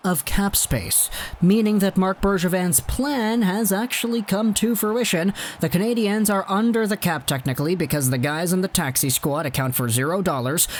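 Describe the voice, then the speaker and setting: A man hosting a hockey news channel, giving casual, enthusiastic commentary with chatty, sometimes sarcastic asides. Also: sits high.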